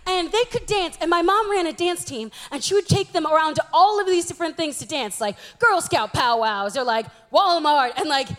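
A woman's voice: extremely high pitch, expressive, moderate pace, few pauses, fairly bright tone. A young woman giving a humorous church talk, telling stories about herself in a chatty, self-mocking way. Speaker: youth speaker.

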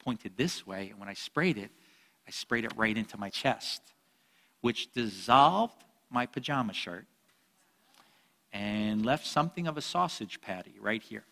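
A man preaching a sermon, a lively storyteller with jokes who swings between loud and soft. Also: on the low side, unhurried, creaky, big-room sound. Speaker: pastor.

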